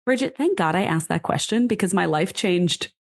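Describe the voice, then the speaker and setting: With a fairly low voice, vocal fry, and a moderate pace, an American woman shares her story in an informal interview. She founded a whisky brand and comes across as animated, laughing frequently and saying "like" over and over.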